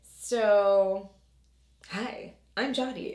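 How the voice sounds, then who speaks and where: A woman beauty vlogger talks straight to the camera in a chatty, self-deprecating way, her voice still low and husky from just waking up. She sits a little high in pitch for a woman, and the room around her gives off a clear echo. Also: animated, normal speed. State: low morning voice. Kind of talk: casual makeup tutorial chat.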